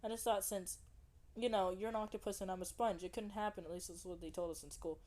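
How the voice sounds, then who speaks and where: A woman voicing an excitable, tearful young male sea sponge in a fan-story reading, high and emotional. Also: fast, lightly acted. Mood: earnest.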